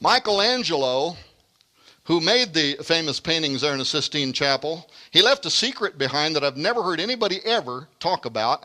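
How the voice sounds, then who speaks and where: Man, lecture, bright ringing voice, fairly high pitch, emphatic delivery, quick asides. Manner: emphatic, dramatic stresses, rapid asides. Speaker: speaker giving a lecture. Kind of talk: lecture with read-aloud quotations.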